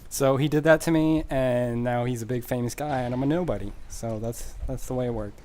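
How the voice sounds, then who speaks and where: A man's voice: mid-range voice, a little fast, slight background noise. Rambling sarcastic male game commentator. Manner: rambling, sarcastic, deadpan joking. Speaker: gameplay commentator.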